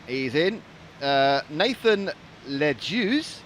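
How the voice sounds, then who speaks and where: Chatty man, lively pitch. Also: very slow, slight background noise. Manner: chatty, jokey, rambling. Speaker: commentator. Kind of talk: casual live-stream commentary chat.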